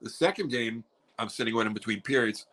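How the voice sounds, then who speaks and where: Bright-voiced New comedian telling stories. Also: male voice, mid-range voice, brisk, rough recording. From New York. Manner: animated storyteller acting out other people's lines. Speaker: comedian guest. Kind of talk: casual podcast chat. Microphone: video call.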